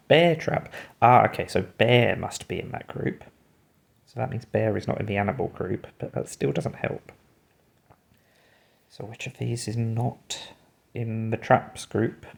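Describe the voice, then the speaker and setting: A man's voice: medium pitch, takes it slowly, vocal fry, pauses often. A man hosting a puzzle video, musing and talking himself through his guesses while solving a word game.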